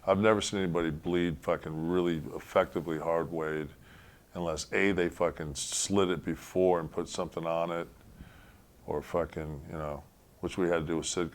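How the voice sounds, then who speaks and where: A man telling stories as an interview guest, blunt and swearing freely. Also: low-pitched. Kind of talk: casual storytelling interview.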